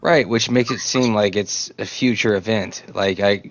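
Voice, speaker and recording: A man playing in a tabletop game, talking excitedly and swearing freely in casual chat. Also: fairly low pitch, moderate pace, no room sound. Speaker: player. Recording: dull lo-fi audio.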